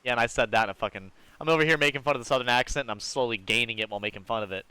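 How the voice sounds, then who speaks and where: A man from Georgia streaming a game, chatting loosely with viewers in a rambling, profane way with sudden excited jumps in pitch. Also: racing, smooth, no echo. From Georgia, USA. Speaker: gaming streamer. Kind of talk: casual live-stream chat while gaming.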